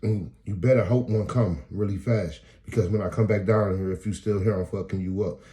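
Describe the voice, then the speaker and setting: A man voicing a menacing street mugger who bosses and threatens him in a loud, high voice during a stand-up bit. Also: very animated, fairly quick, natural voice. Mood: threatening. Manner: bossy, threatening.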